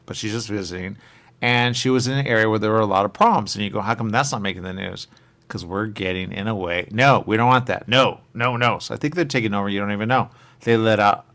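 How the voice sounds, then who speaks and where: A man's voice: on the low side, a bit bright. A man hosting a radio show, rambling in casual chat, trailing off and coming back to the same stock phrases. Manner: rambling, trails off, repeats "there you go".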